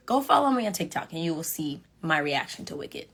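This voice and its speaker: A woman's voice: on the low side, a little fast, breathy edge. Sassy young woman chatting on a phone live. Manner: animated, sassy, talks straight to viewers. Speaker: reality show contestant on a live stream. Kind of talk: casual live-stream chat with fans.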